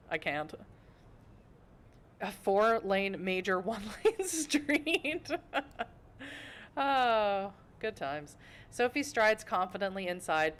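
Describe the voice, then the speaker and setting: An American woman streaming a game from home, reading the story aloud and breaking off for playful, self-mocking asides. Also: on the low side. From United States. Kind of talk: reading a visual novel aloud with chatty asides.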